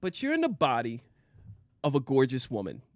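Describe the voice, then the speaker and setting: Lively, teasing man hosting a chat show. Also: mid-range voice, moderate pace, very noisy. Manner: laughs often, playful teasing. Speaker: podcast co-host. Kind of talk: casual chat.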